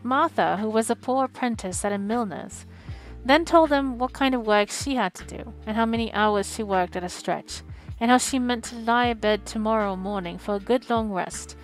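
Streamer narrating a classic novel; steady, expressive woman, a bit high-pitched. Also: moderate pace, soft background music. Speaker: audiobook reader and streamer. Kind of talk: reading a novel aloud on a live stream.

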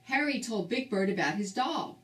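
An older woman reading a children's book aloud with slow, expressive storytelling. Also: medium pitch. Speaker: storybook reader. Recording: roomy, distant mic.

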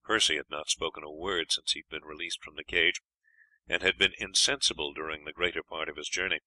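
A man reading an adventure story aloud as audiobook narrator, in a steady storytelling manner. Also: a bass voice, brisk, no room sound, rough recording. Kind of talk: scripted narration.

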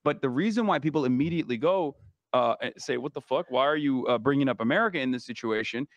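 A man explaining his views in a casual argumentative chat, rapid and full of fillers. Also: mid-range voice, lively intonation, no room sound. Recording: dull dry stream audio.

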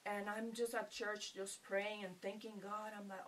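A middle-aged retreat participant from Puerto Rico shares a personal testimony in a sharing circle, her medium-pitched voice moderately paced, fairly bright and with little pitch movement. She tells it like a story, acting out her own quotes and laughing often, and a distant mic picks up faint background noise.

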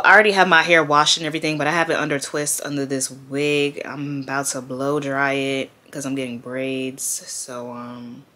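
Young woman vlogger from Queens with a New York accent, grieving, casual and profane, deep voice with a bright edge. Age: 20s. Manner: grieving, candid, slangy and profane. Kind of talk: casual talk to camera. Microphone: camera mic.

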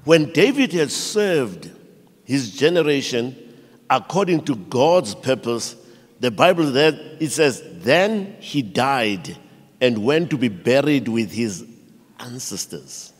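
A man's voice: mid-range voice, takes it slowly, husky. A man with a South African accent, a pastor preaching a sermon and acting out the people in his stories. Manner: animated storytelling preacher, acting out quoted voices. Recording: long reverb of a large church hall.

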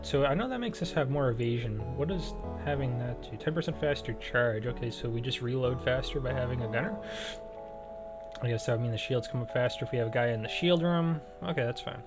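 A man's voice: mid-range voice, brisk. Man rambling through a game. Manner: thinks aloud, rambling with many fillers; self-deprecating joking. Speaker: let's play gamer. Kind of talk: casual gameplay commentary. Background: faint game music.

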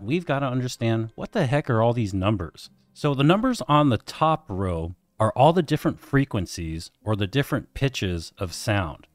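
Man explaining clearly, dry close sound. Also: medium pitch, no echo. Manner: friendly, plain teaching tone in layman's terms. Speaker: host explaining hearing tests. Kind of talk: casual explainer video.

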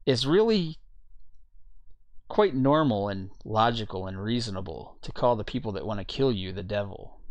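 A man giving an informal Bible teaching, reading scripture passages aloud and pausing to look up verses as he goes. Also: on the low side, no echo. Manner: reads scripture aloud, searching for verses mid-talk.

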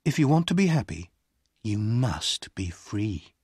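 A reader slowly and clearly narrating a graded-reader story. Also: medium pitch, very animated, darkish tone, dry recording, studio quality. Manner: slow, clearly paced storytelling. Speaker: audiobook reader.

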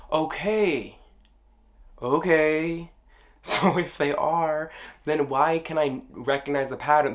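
A young man talking casually to camera as a travel vlogger, chatty and playful, often laughing. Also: on the high side.

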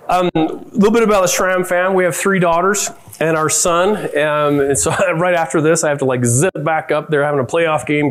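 A middle-aged man giving a conference keynote, telling family stories with lively quoted voices. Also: on the high side. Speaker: keynote speaker. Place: conference hall.

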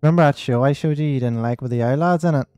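A man's voice: medium pitch, racing, warm tone, smooth, no echo. Joking man chatting over a game. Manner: jokey, laughing, quotes TV shows in funny voices. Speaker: let's play co-host. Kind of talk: casual gaming chat.

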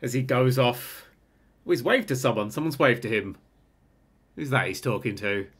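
A man hosting a gaming channel, commentating on a game in an excitable way, often swearing and breaking into laughter. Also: mid-range voice, moderate pace, slight background noise.

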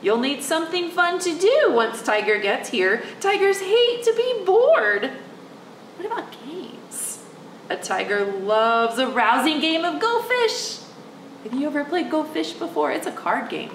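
A woman's voice: high-pitched, unhurried, reverberant, far from the mic, slight background noise, low-quality recording. A woman working as a children's librarian, reading a picture book aloud and coaxing young children to join in. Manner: animated, coaxing, speaks directly to the kids.

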